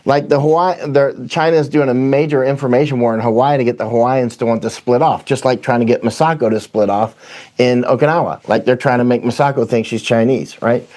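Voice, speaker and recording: A man with a Southern US accent, guesting in a conversational interview, speaks in a mid-range voice that is steady, brisk and slightly mellow. He tells rambling stories and keeps restarting and correcting his sentences.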